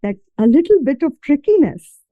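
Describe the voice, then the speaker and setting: A woman's voice: high voice, sing-song, normal speed, no echo, narrow, tinny audio. A woman from India with an Indian accent, telling her story as a podcast guest in a casual interview, mixing Hindi words into her English.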